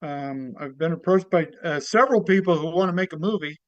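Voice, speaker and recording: A man, a comedian guest, chatting casually in an easygoing, halting way with plenty of pauses and fillers. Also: a little high, dry recording, lo-fi sound. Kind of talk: casual interview chat.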